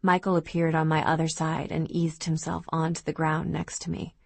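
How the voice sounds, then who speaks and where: A woman narrates a novel in the first person as an audiobook, her storytelling steady and even at a moderate pace. Her voice sits on the lower side with vocal fry, recorded dry and close with no room sound.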